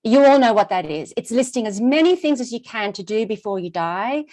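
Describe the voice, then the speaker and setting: A middle-aged woman giving a conference talk, telling a personal story in an expressive, rhythmic way with lots of repetition. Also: on the high side, fairly quick. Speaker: conference speaker.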